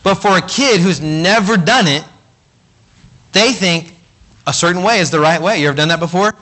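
A man's voice: high-pitched, normal speed, pushed and bright. A man preaching a sermon in a conversational way, acting out the voices of the people in his stories. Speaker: pastor.

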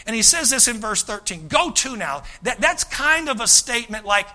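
Animated, bright-toned preacher man. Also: extremely high pitch, normal speed. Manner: animated, folksy, acts out quoted voices, many repeated starts. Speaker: pastor. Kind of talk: sermon.

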